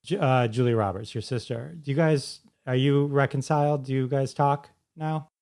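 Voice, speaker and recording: A man's voice: medium pitch, steady tone, normal speed, darkish tone. A man hosting an interview podcast, asking questions in an eager, casual way and often saying "like" as a filler. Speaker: podcast host.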